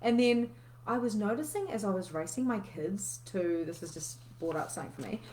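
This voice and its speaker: A woman's voice: medium pitch, lively intonation, brisk, darkish tone, a little hiss or hum. Chatty woman coach, candid. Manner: chatty and candid, swears freely, reads out viewer comments. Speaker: coach hosting a live session. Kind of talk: casual live coaching talk.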